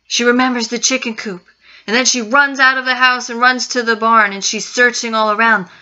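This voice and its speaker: A woman's voice: a little high, steady tone, fairly quick, bright, forceful tone. A woman narrating a spooky story with suspense, repeating phrases for effect. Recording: dull lo-fi recording.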